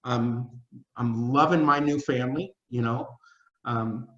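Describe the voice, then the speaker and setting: A man's voice: mid-range voice, measured pace, a bit bright. A man on a video call talking in a rambling, emotional way and repeating his words, full of restarts. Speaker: company spokesman. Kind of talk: casual video-call talk. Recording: roomy dull video-call audio.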